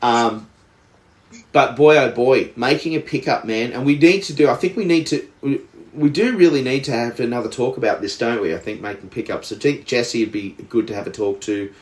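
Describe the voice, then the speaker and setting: A man's voice: medium pitch, brisk, roomy sound. An Australian man co-hosting a podcast, telling a story in a rambling way with lots of restarts and fillers. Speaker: podcast co-host. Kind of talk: casual chat.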